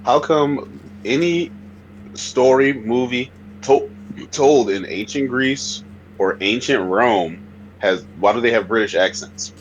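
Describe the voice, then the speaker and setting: A man's voice: medium pitch, slow pace, highs cut off, a little hiss or hum. A man chatting on a podcast through a headphone mic, curious and full of questions. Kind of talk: casual chat.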